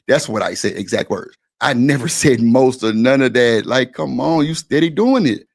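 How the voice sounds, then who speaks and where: A man's voice: medium pitch, expressive, moderate pace, gravelly, hardly any pauses. A man hosting a live-stream panel, arguing his point in a blunt, profane, insistent way. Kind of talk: heated casual argument.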